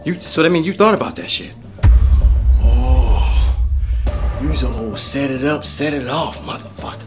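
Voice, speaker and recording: A man in a comedy sketch, loud, brash and profane, sometimes dropping to low mutters. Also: lively intonation, unhurried, music in the background.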